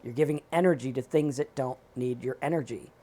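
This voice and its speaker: A man co-hosting a recovery talk show, giving casual advice in an animated, emphatic way and acting out his own inner thoughts. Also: mid-range voice, fairly quick. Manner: animated, emphatic, talks in quoted self-talk. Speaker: podcast co-host.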